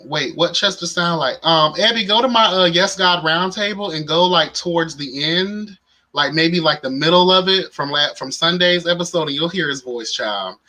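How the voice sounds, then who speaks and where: A man hosts a casual livestream, his voice bright and forceful and sitting a little high. He talks to his viewers in a sassy, playful way and sounds tired. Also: normal speed. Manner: sassy and playful, calls viewers "child" and "honey". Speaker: livestream host.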